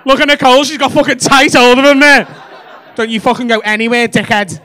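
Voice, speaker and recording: Working the crowd on a club stage with a handheld mic, this male stand-up trades cheeky, swearing banter with the audience. His extremely high-pitched voice is steady and sharp in tone, with a brisk delivery. Audience laughter fills the live comedy club recording.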